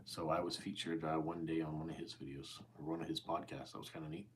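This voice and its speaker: A man in his forties with a Canadian accent, chatting calmly and easily with viewers during a live stream. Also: extremely low pitch, slight background noise. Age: 40s. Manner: calm, easygoing, unhurried. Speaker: YouTube host. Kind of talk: casual livestream chat answering viewer comments.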